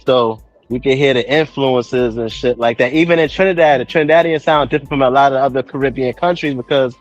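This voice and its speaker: A man's voice: medium pitch, brisk, lo-fi sound, soft background music. A man with a New York accent, talking in casual group chat, restarting and repeating himself as he argues a point.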